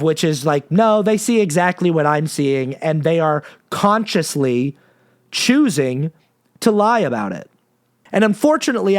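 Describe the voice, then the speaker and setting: A man hosting a podcast, delivering an impassioned, profane monologue with frequent restarts. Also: a little high. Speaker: podcast host.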